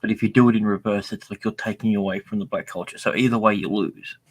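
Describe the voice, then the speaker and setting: A man in casual voice chat on a live stream, making wry deadpan jokes. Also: fairly low pitch, fast talker.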